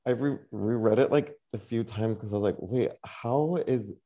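Woman with a very low, dark voice. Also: brisk. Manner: rambling, hesitant, self-correcting. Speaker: podcast co-host. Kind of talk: casual chat.

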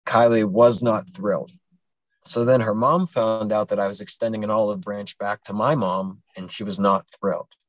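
A man's voice: on the low side, fairly even intonation, moderate pace, no room sound. Rambling, profane young man telling a story. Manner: rambling, profane, many fillers. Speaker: podcast host. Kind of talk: casual storytelling.

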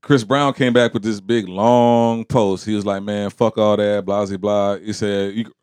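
A man's voice: fairly low pitch, a little slow, clean tone, no echo. A man co-hosting a casual podcast chat, telling stories with quoted voices and frequent laughter. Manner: animated storyteller, quotes people, laughs often. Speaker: podcast co-host.

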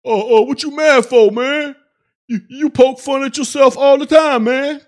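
Whiny loud male chatter, exaggerated mimicry, a man putting it on. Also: very high voice, steady tone, a little slow, voice pushed up.

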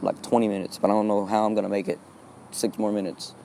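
A man's voice: on the low side, level tone, quick pace, vocal fry, mellow, a little hiss or hum. A teenage boy from Texas rambling through a solo podcast, hesitant and full of fillers, recorded outdoors. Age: teens. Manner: hesitant, repeats fillers often. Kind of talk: rambling casual monologue. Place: outdoors in wind.

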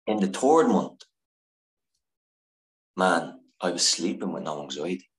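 A man with a deep, low voice tells a candid personal story as a podcast guest. He is earnest and emotional, swears freely and trips over his own sentences. The sound is roomy and echoey. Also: expressive, a little slow. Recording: echoey room.

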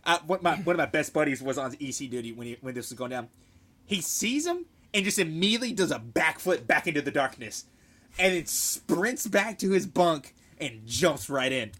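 A man telling a profane, animated story in casual chat. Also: a little high, normal speed.

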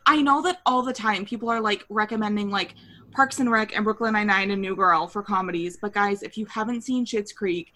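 A woman's voice: mid-range voice, pushed and bright. A woman co-hosting a podcast in casual chat, laughing hard and swearing freely as she retells favorite scenes. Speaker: podcast co-host.

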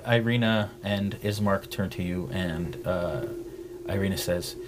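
A man narrating as game master in a relaxed way, with many filler words. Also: low-pitched, a little slow, background noise.

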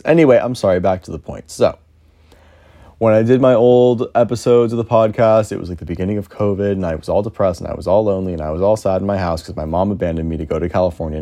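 A young man hosts a solo podcast, thinking aloud in a rambling, self-deprecating monologue and swearing freely. His voice is fairly low and mellow.

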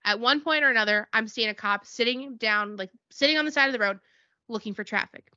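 A woman chats casually on a podcast, and her bright, fairly high voice is lively as she plays out each person in her stories. The mic sound is dry and a little dull, with no room around it. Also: brisk, no echo. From Connecticut. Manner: animated storytelling, acts out quoted people. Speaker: podcast co-host. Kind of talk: casual chat.

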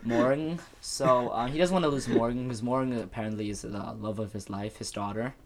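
A man's voice: mid-range voice, steady tone, brisk, gravelly, crowd noise. A man co-hosting a casual podcast, recapping a movie with a joking, sarcastic, rambling manner. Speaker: podcast co-host.

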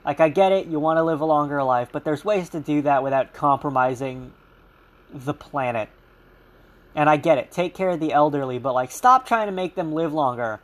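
Young male podcast host, slightly high voice, profane rambling solo monologue with mocking voices. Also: normal speed.

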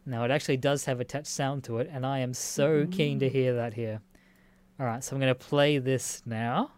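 A man's voice: mid-range voice, normal speed, clear, resonant tone. Sweary Australian man podcasting. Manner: sweary, laughs a lot, animated reactions. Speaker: podcast host. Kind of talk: casual solo podcast, reading and reacting to news.

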